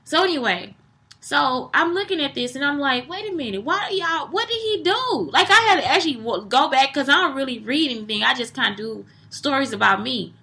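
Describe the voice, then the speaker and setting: Talking fairly quickly, a young woman runs through a blunt, casual monologue full of free swearing and constant animation. She has a high voice that sounds bright and forward, with some creak in it.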